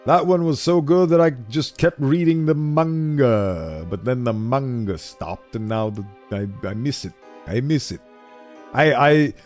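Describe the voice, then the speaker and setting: Animated male game streamer. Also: mid-range voice. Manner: animated, self-deprecating, laughs often. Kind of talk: casual commentary while playing.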